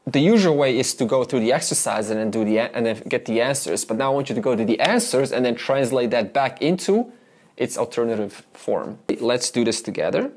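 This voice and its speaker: A man's voice: mid-range voice, a little mellow. A man teaching a beginner Sanskrit lesson, patiently repeating sounds for students and explaining where the tongue goes. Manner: patient, repeats sounds many times for practice; explains mouth and tongue positions step by step. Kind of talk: beginner language lesson with pronunciation drills.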